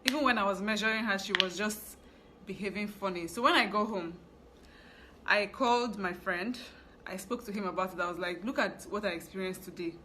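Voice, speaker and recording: A young woman with a Nigerian English accent tells a story in a casual vlog, chatty and full of asides. Her voice is bright and sits in a middle pitch. A faint hiss runs under the recording. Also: normal speed. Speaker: fashion business owner vlogger.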